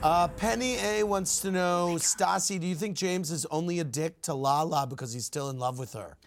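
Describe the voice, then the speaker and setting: A man hosting a late-night talk show, briskly reading viewer questions and running a game. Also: on the high side, creaky, a little hiss or hum.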